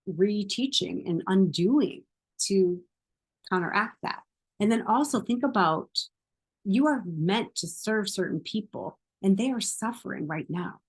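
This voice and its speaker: A woman's voice: medium pitch, slightly rough. A woman as a self-help coach, earnest, encouraging, chatty, mid-range voice. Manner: talks straight to the listener with many "like"s. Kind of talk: guided self-help lesson.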